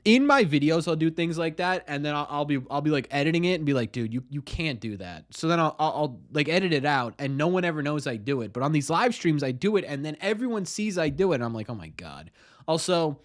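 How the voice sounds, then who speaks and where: A man's voice: fairly high pitch, expressive, quick pace, few pauses. A young man hosting a casual live stream, chatting and greeting viewers by name.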